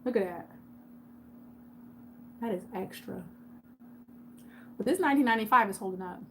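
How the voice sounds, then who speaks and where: A woman's voice: mid-range voice, moderate pace, bright, forceful tone, slight background noise. A woman hosting a casual live stream, chatting with viewers by name and repeating points for emphasis. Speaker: YouTube host on a livestream.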